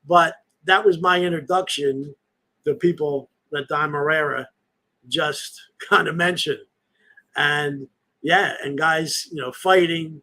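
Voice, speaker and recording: A man's voice: fairly high pitch, fairly bright tone, low-quality recording. A man in his sixties hosting a podcast, rambling through nostalgic stories in casual chat. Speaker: podcast host.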